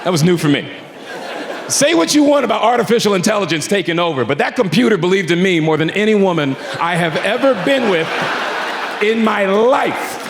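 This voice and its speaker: A male stand-up comedian telling a story on stage in an animated, profane way, with asides to a live audience. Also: high-pitched, a little fast, creaky, crowd noise, background noise. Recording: echoey venue with audience laughter.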